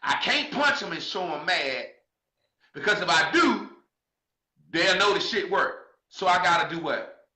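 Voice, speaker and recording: A man crying as he preaches to his viewers, swearing freely and swinging from shouts to quiet asides. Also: high-pitched, expressive, a little slow, echoey room, low-quality recording. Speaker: social media commentator. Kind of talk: emotional monologue to viewers.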